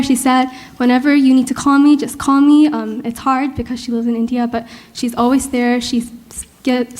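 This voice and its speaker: A young woman giving an unscripted thank-you speech at her concert, hesitant and emotional, with many pauses. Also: a little high, darkish tone. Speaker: student singer giving thanks.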